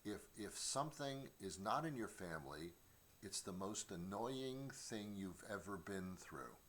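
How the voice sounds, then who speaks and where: A man's voice: fairly low pitch, expressive, measured pace, fairly bright tone, a little hiss or hum. A middle-aged man hosting a comedy show from his home studio, rambling through a stand-up monologue with stammered restarts and mock voices. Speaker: comedian host.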